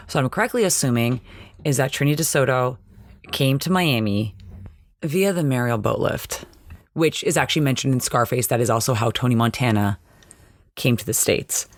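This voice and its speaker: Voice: medium pitch, dry recording, studio quality. A podcast host recapping a TV episode in a chatty, nerdy way and laughing at their own nitpicks.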